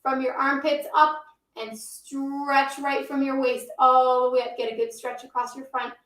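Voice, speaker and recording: A woman's voice: high voice, flat delivery, measured pace, a bit bright, roomy sound, far from the mic. A woman teaching a yoga class for children and reading a picture book aloud, encouraging the kids and calling them her friends.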